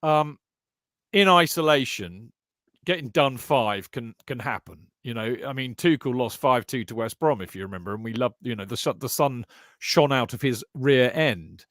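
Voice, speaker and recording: A man's voice: medium pitch, normal speed, no room sound, clean studio sound. A man co-hosting a football podcast, chatting casually with friends, bantering, restarting sentences and calling people mate. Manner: animated, banter-filled, stammering restarts, calls others mate. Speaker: podcast co-host.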